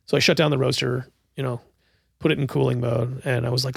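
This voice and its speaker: A man's voice: medium pitch, fast, creaky, husky, dry recording, studio quality. A man, a coffee roaster and cafe owner, telling stories as a podcast guest and acting out what people said. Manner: animated storyteller who acts out quotes. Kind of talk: casual podcast storytelling.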